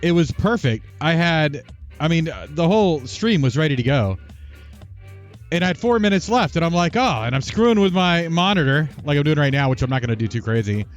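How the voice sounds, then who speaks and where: A man hosting a gaming livestream, telling a long rambling story with restarts and asides, and speaking quietly at times. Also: a little high, animated, fairly quick, highs cut off, soft background music. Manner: talks quietly at times for housemates. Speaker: streamer and show host. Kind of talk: casual livestream chat.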